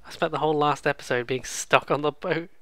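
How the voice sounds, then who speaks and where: A man's voice: fairly high pitch, fairly even intonation, fairly quick, fairly bright tone, no room sound. A man hosting a let's play, giving casual, sarcastic, rambling gameplay commentary. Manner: sarcastic, swears freely, rambling.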